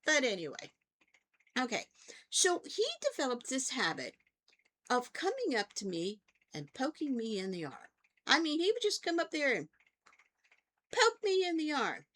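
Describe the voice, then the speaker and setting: An older woman who is a therapist hosts her own vlog, talking casually to camera and telling stories in a chatty way while often checking in with her listeners with "okay?". Her high-pitched, fairly bright voice swoops wildly in pitch, at a moderate pace with frequent pauses.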